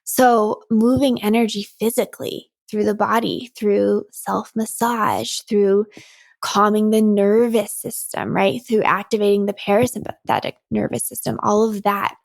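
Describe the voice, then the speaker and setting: A woman in her thirties hosts a solo podcast, speaking earnestly and with animation, often breaking into a laugh. Her voice has a gravelly fry at the ends of phrases. The recording is dry and close to the mic, with no room sound. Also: medium pitch, fairly even intonation, unhurried, no room sound. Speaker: podcast host and coach. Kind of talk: reflective solo podcast talk.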